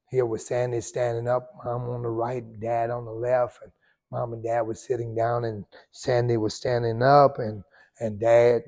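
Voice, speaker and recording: A male pastor, preaching a sermon and telling a story with sudden loud surges and hushed drops. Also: fairly low pitch, slightly rough.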